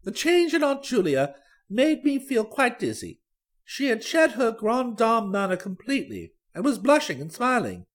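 A reader narrating a comic story as a young gentleman, in a dry, wry way. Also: medium pitch, huge pitch swings, moderate pace. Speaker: audiobook reader.

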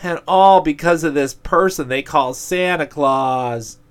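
Guy doing a bitter envious demon, high and whingey, always griping. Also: very animated, moderate pace. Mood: indignant. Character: resentful, grumbling male demon of envy.

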